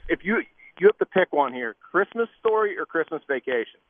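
A man's voice: a little high, animated, a little fast, no echo. A man calling in as a guest reporter, playfully defending himself in casual radio banter. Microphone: phone line. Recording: tinny phone line with faint hiss.

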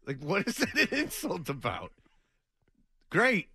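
Lively joking male radio host. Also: high voice, measured pace, breathy edge, no echo, clean studio sound. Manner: joking, laughing, sarcastic. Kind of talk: casual morning radio banter.

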